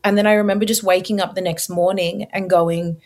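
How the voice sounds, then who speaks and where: Speaking fairly quickly in a mid-range voice, a young woman guest recounts her faith testimony in an interview. Her storytelling is animated, and she acts out her own past words.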